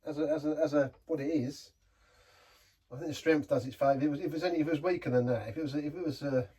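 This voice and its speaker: Husky man reviewing beer. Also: on the high side, fairly even intonation, dark tone, recorded from a distance. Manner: rambling, halting restarts. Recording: voice set back from the mic.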